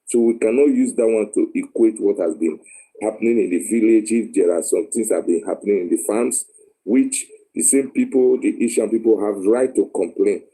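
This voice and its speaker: A deep, very dark-toned Nigerian man speaks as a caller in a live online discussion. He talks in a measured, halting way, pausing on fillers as he makes an earnest appeal. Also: slightly rough, low-quality recording. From Edo State, Nigeria.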